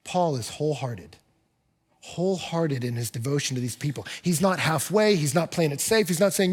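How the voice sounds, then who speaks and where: A male pastor preaches an impassioned sermon in a church, his slightly high, husky voice moving at normal speed. He swings between hushed, quiet phrases and loud, emphatic lines.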